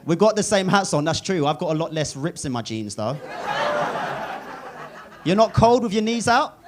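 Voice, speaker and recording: A man's voice: fairly high pitch, animated, moderate pace. A man in his twenties from England doing live stand-up in a comedy club, teasing the crowd and swearing freely. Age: 20s. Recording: noisy live club recording. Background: audience laughter.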